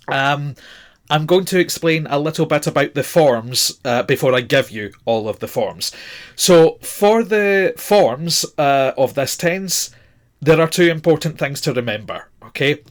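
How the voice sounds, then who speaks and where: A man's voice: on the high side, fairly bright tone. A man in his forties teaching a grammar lesson, patient and methodical, spelling out words letter by letter with frequent fillers. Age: 40s. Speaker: language teacher.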